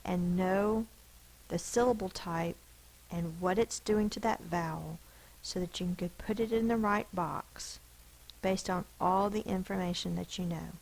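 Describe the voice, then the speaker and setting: A woman's voice: lowish voice, unhurried, vocal fry, a little mellow, poor audio. A woman teacher giving a spelling lesson to children, sounding out letters and syllables one by one.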